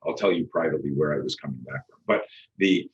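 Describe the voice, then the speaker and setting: A middle-aged man, a self-defense instructor, telling stories in an animated way, acting out the dialogue and swearing now and then. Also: very deep voice, fast, highs cut off. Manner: animated, acts out quoted dialogue, frequent restarts, swears. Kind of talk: animated storytelling interview.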